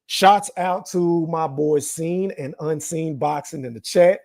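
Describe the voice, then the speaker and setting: Animated man hosting a live boxing podcast. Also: fairly high pitch, slow pace. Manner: animated, laughs often, talks straight to the chat. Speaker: podcast host. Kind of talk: casual live-stream commentary.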